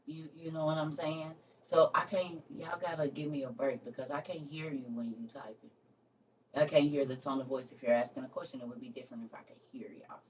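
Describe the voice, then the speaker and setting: A woman hosting a casual livestream, talking bluntly with her viewers and reading a devotional aloud. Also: extremely low pitch. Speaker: livestream host. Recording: distant mic with faint background noise.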